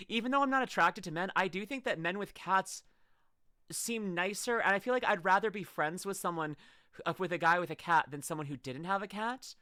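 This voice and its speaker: Woman streamer, bright tone, dry sound, rambling and stammering as she reacts to clips. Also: on the low side, fairly quick, no room sound. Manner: rambling, stammering restarts and frequent laughs. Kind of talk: casual reaction chat.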